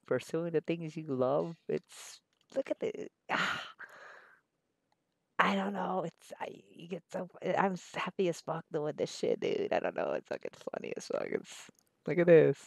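A man draws on camera while chatting casually, rambling in a slangy, profane, laid-back way. His voice is a little high and sing-song, a little slow with vocal fry, and there's no echo.

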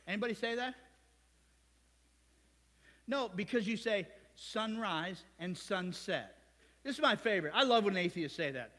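Male pastor, high voice, chatty sermon full of jokes and rhetorical questions, long reverb. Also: animated, moderate pace, long pauses, fairly bright tone. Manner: conversational, joking, rhetorical questions. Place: church sanctuary.

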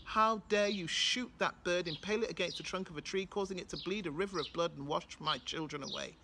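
A woman with a British accent voicing an angry, commanding male king who accuses loudly. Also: on the low side, brisk, noisy background, natural voice. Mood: accusing.

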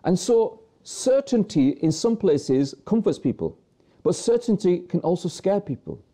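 Man preaching in a very dark, mellow voice. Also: sits high, animated, measured pace. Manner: preaching with rhetorical questions and repeated phrases. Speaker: religious TV presenter. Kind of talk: earnest religious talk to viewers.

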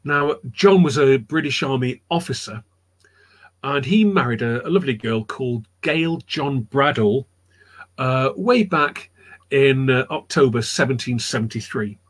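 A man's voice: medium pitch, a little slow. A man telling history anecdotes in a rambling, chatty way on a live chat show, repeating his words as he goes. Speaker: storyteller guest.

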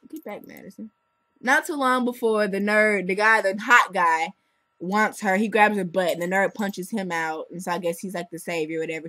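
A woman's voice: medium pitch, fairly bright tone, no room sound, low-quality recording. Chatty sarcastic young woman reviewer. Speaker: video reviewer. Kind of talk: casual video review.

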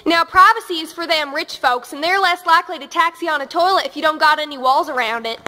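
A woman playing a cheerful country farm girl with a Southern drawl, telling deadpan one-liners. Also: high voice, fast. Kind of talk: comedy sketch.

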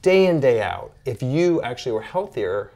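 A man's voice: medium pitch, normal speed. A man, a physician guest, telling a story in casual conversation and acting out the dialogue. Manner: animated, acts out quoted dialogue.

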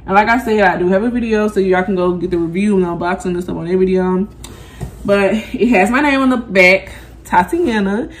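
A young woman vlogger talks her viewers through an unboxing in a loose, chatty way, full of slang and asides to "y'all". Her pitch sits in a middling range. A faint hiss of noise runs under the recording. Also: fairly quick, reverberant, recorded from a distance. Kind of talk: casual unboxing chat.

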